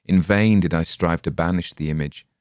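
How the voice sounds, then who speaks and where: Give me a low-voiced male audiobook narrator, steady and dramatic. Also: moderate pace, no room sound, studio quality. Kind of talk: scripted narration.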